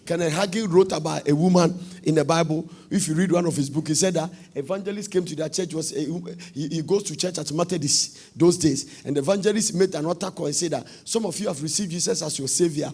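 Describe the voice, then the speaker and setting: Fervent Ghanaian preacher, high gravelly voice. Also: male voice, fast, hardly any pauses. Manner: fervent preaching, shouting and singing out lines, wide pitch swings. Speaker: prophet preaching. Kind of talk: sermon.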